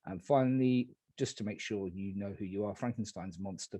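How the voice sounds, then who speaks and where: A man running an online party game as moderator, calm and polite as he narrates each night phase over a video call. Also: lowish voice, moderate pace, dry recording.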